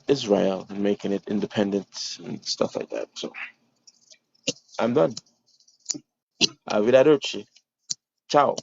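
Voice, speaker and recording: A man's voice: on the low side, gravelly, warm tone, no room sound. A man hosting a casual livestream, rambling and repeating himself as he talks straight to his viewers. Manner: rambling, repeats words, addresses viewers directly. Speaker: livestream host. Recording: dull lo-fi stream audio.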